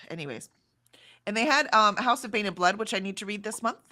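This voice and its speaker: Bright-voiced chatty woman. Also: mid-range voice, moderate pace. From Texas, USA. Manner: chatty, reads comments aloud, animated. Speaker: livestream co-host. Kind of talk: casual chat reading out live chat.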